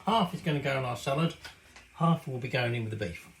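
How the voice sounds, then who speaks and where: A man's voice: medium pitch, animated, fast, echoey room, a little hiss or hum, low-quality recording. A middle-aged man, rambling casually and swearing mildly as he cooks in his home kitchen. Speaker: cooking show host. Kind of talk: casual cooking vlog chat.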